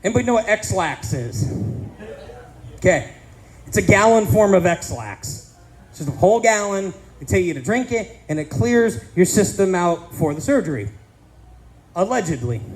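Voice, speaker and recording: High-voiced crude stand-up comedian. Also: male voice, a little hiss or hum, low-quality recording. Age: 30s. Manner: crude, self-deprecating, punchy delivery. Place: casino comedy stage.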